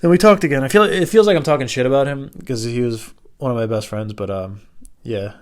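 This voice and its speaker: A man's voice: medium pitch, a little fast. A man telling rambling personal stories in a casual, profane, offhand way. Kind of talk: casual storytelling monologue.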